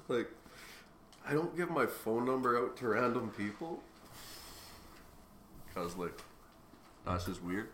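A man's voice: on the low side, a little slow, pauses often, a bit bright, echoey room, slight background noise. A man co-hosting a casual smoking livestream from a garage, loose and joking, swearing freely. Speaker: co-host of a smoking stream.

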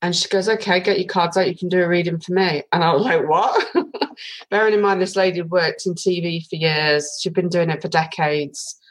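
Chatty British woman, lowish voice. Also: steady tone, normal speed, rough recording. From Britain. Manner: chatty storytelling with many fillers. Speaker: guest, tarot reader. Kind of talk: casual podcast interview.

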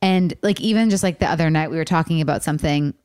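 Low-voiced rambling woman podcast host. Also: fast, a little mellow, clean tone, dry recording, studio quality. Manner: rambling, many fillers and restarts. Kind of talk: candid casual chat.

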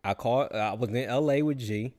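A man chatting casually, telling a personal story in relaxed slang and acting out other people's voices. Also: mid-range voice, fairly quick. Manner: laid-back, slangy storytelling with animated quoted voices. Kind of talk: casual chat.

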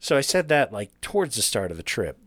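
A young adult man co-hosting a casual podcast, telling a road trip story with lots of swearing and animated retelling. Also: medium pitch, fairly quick, no echo, studio quality. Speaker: podcast co-host.

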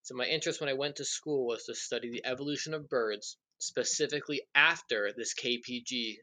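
A man's voice: medium pitch, brisk, pushed and bright. A young man in casual chat, explaining things with eager enthusiasm. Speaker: podcast guest.

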